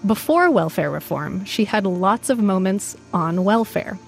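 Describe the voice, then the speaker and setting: A woman reporter narrating a scripted radio news feature in a measured storytelling way. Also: medium pitch, lively intonation, creaky, soft background music.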